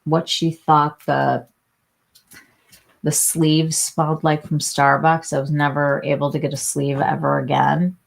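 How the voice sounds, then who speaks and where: A woman's voice: low voice, level tone, a little slow, gravelly. A woman hosting a casual beauty livestream, chatting with viewers, answering them by name with lots of fillers and restarts. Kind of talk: casual live chat reading viewer comments.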